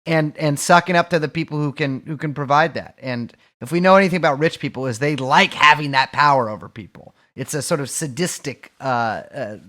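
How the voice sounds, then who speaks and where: A man's voice: on the high side, brisk, few pauses, sharp tone. A man co-hosting a podcast, talking casually with a sardonic, swearing edge. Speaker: podcast co-host.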